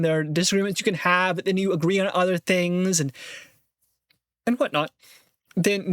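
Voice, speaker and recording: A man's voice: fairly high pitch, no room sound, clean studio sound. A man talking in a casual monologue, rambling and thinking aloud with frequent restarts, sometimes acting out other people's voices. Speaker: vlogger.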